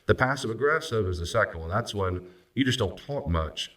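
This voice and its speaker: A man, a pastor and counselor, teaching on marriage and acting out spouses' lines in quick voices. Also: on the low side, expressive, fairly bright tone, recorded from a distance. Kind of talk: recorded teaching talk on marriage.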